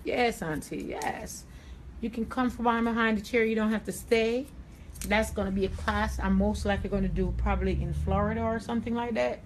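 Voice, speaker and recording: A woman's voice: medium pitch, fairly even intonation, moderate pace, a little hiss or hum. Blunt New York woman hairstylist. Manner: blunt, confident, streetwise, with Southern-tinged slang. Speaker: hairstylist and salon owner. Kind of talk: livestream haircut tutorial.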